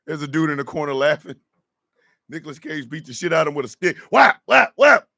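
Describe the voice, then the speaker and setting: A man hosting a morning radio show, riffing in a loud, slangy comedic way with frequent laughter and shouted outbursts. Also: on the high side, steady tone, quick pace, no echo, clean studio sound. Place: radio studio.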